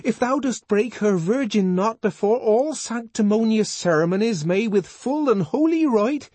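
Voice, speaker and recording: A man's voice: sits high, animated, moderate pace, darkish tone, dry recording, pitched above the performer's own voice. A man voicing a desperate, lovesick young man in an audiobook, pleading in strained poetic outbursts. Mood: earnest pleading. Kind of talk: audiobook character voice.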